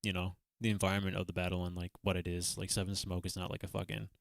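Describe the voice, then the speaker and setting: A man's voice: sits low, flat delivery, fast talker, gravelly, dry recording, clean studio sound. A young man hosting a reaction livestream, rambling casually with lots of fillers and the odd swear word. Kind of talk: casual chat.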